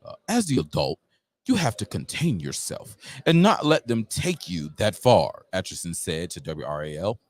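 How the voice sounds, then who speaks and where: A man's voice: low-pitched, very animated, moderate pace, a little mellow. A man hosting a live talk show, reading news aloud and breaking in with slangy asides. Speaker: radio show host.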